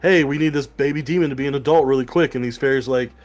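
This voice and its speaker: A podcast co-host talks fast in a mid-range voice as he goes through a comic book review. He's rambling and excited and swears casually throughout this casual show.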